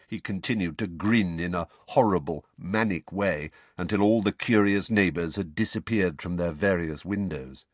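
A man narrates a novel with an animated, rolling delivery. His low voice has a husky edge, and it sits close and dry with no room sound at all. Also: normal speed, hardly any pauses, dry recording. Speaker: audiobook narrator. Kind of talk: scripted storybook narration.

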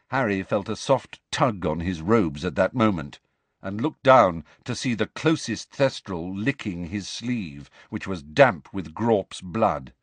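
A man narrating an audiobook with expressive storytelling. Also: sits low, a little slow, no room sound. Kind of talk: scripted narration.

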